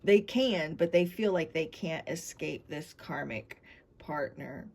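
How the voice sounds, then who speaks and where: A woman's voice: low-pitched, slow, creaky, a little mellow, husky. A woman giving a tarot reading to camera, meandering as she talks straight to her viewers. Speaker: tarot reader.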